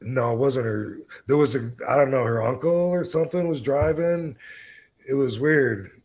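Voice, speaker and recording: A man in his fifties tells a story on his own podcast, loose and rambling, with plenty of swearing. His voice sits at a middle pitch and carries a gravelly, fry-edged texture. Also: moderate pace, darkish tone. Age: 50s. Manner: laid-back, swears freely, rambling with fillers. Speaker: podcast host. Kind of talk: casual storytelling.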